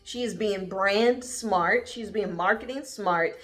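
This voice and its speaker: A woman's voice: medium pitch, slow, a bit bright, soft background music. A woman vlogger giving a casual, rambling show review, sassy and calling her viewers honey and darling. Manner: rambling, with many fillers and trailing asides.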